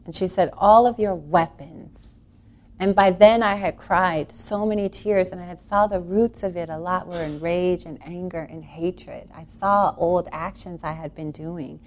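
A woman with a slightly low voice tells a personal spiritual story. She talks earnestly and with animation, wandering through restarts and breaking into laughs along the way. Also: darkish tone. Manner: rambling, with many restarts.

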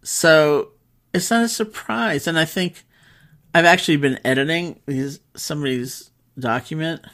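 A woman meditation teacher telling stories in a relaxed, conversational talk, with pauses and fillers. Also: low-pitched. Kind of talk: storytelling talk.

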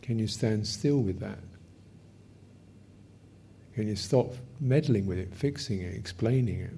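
A man teaching meditation in a question-and-answer session, speaking gently in short, halting phrases with soft laughs. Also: fairly low pitch, creaky, a little hiss or hum. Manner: gentle, unhurried, often laughs softly. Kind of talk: dharma Q&A teaching.

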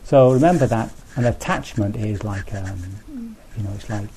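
Mellow low-voiced man giving a dharma talk. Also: big pitch swings, normal speed. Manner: conversational, thinks aloud with restarts and asides. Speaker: Buddhist teacher.

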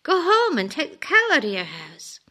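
A woman voicing a calm, wise old rabbi who gives gentle advice in a story she reads aloud. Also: high-pitched, moderate pace, pitched above the performer's own voice, exaggerated voice. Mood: serene. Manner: grave, serene, gentle advice.

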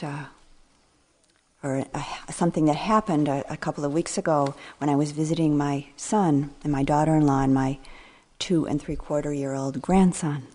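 Brief: older female meditation teacher, low and mellow, gentle reflective dharma talk, phrases fading almost to a whisper. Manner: slow, reflective, trailing phrases, sometimes dropping to a near whisper.

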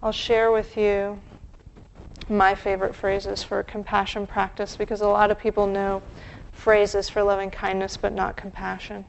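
A woman meditation teacher giving a dharma talk, gentle and reflective, with pauses. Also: mid-range voice, monotone, vocal fry, lo-fi sound, slight background noise.

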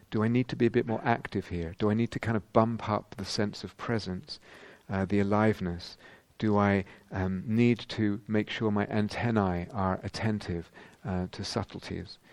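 Male meditation teacher, middle-aged, deep fry-edged voice, dry close sound, reflective dharma-talk delivery. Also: fairly even intonation, normal speed, few pauses, a little mellow, no echo. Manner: reflective, searching, frequent ums and rhetorical questions.

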